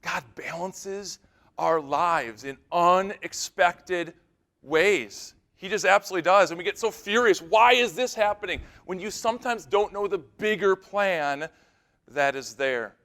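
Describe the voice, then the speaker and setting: Animated storytelling pastor, slightly high voice. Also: male voice, a little slow. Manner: animated storyteller, shifts from loud to hushed. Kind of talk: keynote sermon storytelling. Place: conference stage.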